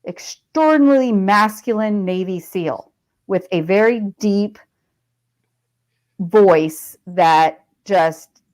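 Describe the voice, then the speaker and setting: A woman's voice: mid-range voice, slow pace, darkish tone, rough recording. A middle-aged woman, a veteran and author guesting on a podcast, telling personal stories in a chatty, digressive way. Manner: chatty and digressive, with frequent fillers and laughs. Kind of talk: casual conversational storytelling.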